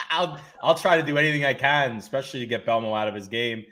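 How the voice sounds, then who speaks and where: A man's voice: mid-range voice, quick pace, pushed and bright. Playful, teasing male co-host. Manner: playful and teasing, laughs often. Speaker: podcast co-host. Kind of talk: casual commentary.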